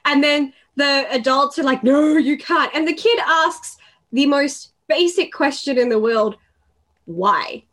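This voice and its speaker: A woman's voice: high voice, a little slow, fairly bright tone. A woman hosting a podcast in casual movie chat over a remote call, talking expressively and acting out quotes. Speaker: podcast host.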